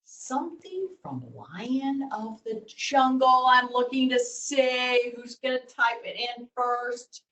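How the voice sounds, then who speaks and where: A lively woman storyteller reads to kids on a video call and keeps asking them questions. The room gives her voice a roomy echo. The mic is set well away from her. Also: fairly high pitch, recorded from a distance. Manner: animated, asks the kids questions. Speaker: children's storyteller.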